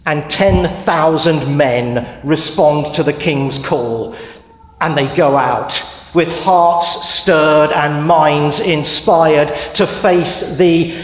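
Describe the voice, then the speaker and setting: Man, preacher, sermon storytelling, unhurried, long hall reverb. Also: on the high side. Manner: measured, storytelling with humor.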